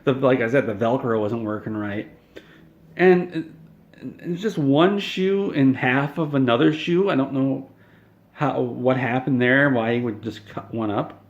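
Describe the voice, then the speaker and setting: A man telling an absurd comic story in a rambling, self-deprecating deadpan, on a dull lo-fi home recording. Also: mid-range voice, unhurried. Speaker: comedic storyteller.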